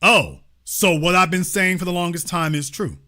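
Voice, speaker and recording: A man's voice: high-pitched, normal speed, sharp tone. A man hosting his own show, giving an emphatic, preachy commentary monologue laced with sarcasm. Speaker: host.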